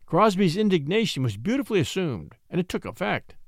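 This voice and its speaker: A man reading an old-time adventure story aloud in an expressive, dramatic way. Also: high-pitched, fairly quick, no echo, clean studio sound. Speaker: audiobook reader.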